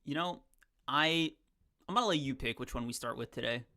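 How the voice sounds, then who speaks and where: A man with a gravelly, bright voice hosting a casual podcast. He jokes drily and fills his talk with ums. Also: medium pitch, brisk. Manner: dry, deadpan joking with many fillers. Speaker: podcast host. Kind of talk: casual chat.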